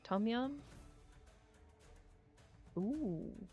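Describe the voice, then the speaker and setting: A young woman streaming as she plays, chatting casually and getting easily excited as she muses aloud. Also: on the high side, extremely slow. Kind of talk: casual stream chat while playing. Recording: dull lo-fi audio with faint music.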